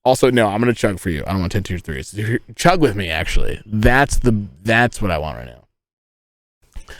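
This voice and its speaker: A man's voice: fairly low pitch, very animated, moderate pace, a bit bright, no echo. A young man streaming from inside a tent, chatting and telling stories in a crude, joking, rambling way. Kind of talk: casual live-stream chat and storytelling.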